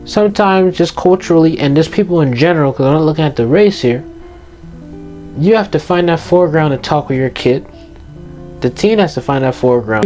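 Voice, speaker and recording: A man's voice: fairly high pitch, a little mellow. A teenage boy giving passionate, emphatic advice to his viewers in an earnest motivational monologue, repeating his key points. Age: teens. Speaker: youth vlogger giving advice.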